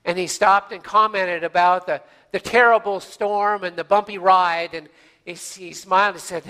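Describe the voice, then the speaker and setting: Bright-voiced pastor preaching gently. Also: male voice, sits high. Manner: storytelling, gentle pauses, drops to near-whispers for emphasis; folksy, with frequent uh fillers. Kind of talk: sermon.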